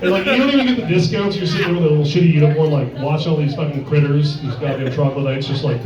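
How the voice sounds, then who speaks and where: A man's voice: on the high side, fast talker, few pauses. A man doing a stand-up comedy set in a sports bar, crude and rambling, full of filler words. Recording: echoey bar, distant dull mic, crowd.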